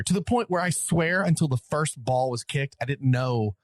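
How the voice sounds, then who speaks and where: A man's voice: a little high, moderate pace, no echo. A man with a Southern accent co-hosting a podcast, telling stories in casual chat, laughing often and mimicking voices. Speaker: podcast co-host.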